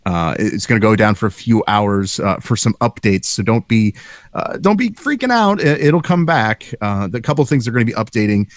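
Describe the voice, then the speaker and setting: A man's voice: lowish voice, big pitch swings, moderate pace, no echo. A man co-hosting a casual live-stream chat about games, rambling with lots of "uh" fillers and restarts. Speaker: show co-host.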